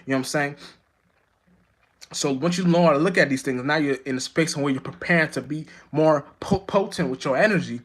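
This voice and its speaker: Brief: quick, slightly high-voiced man, profane rambling vlog monologue, constant restarts. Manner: profane, rambling, many restarts and "you know what I'm saying"; jumps high and loud when acting out his own outbursts. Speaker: vlogger.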